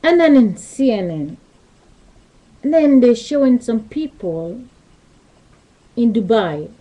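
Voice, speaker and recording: A woman's voice: fairly high pitch, sing-song, takes it slowly, mellow, low-quality recording. A woman telling a rambling story into her webcam in loose, non-native English grammar. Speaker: vlogger. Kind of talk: casual storytelling monologue. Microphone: webcam mic.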